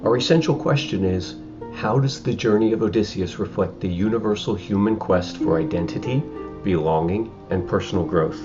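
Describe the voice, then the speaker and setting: Low-voiced male teacher giving a lesson. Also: normal speed, dull audio, over music. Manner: explanatory, conversational with frequent fillers. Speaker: high school English teacher. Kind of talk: recorded remote lesson.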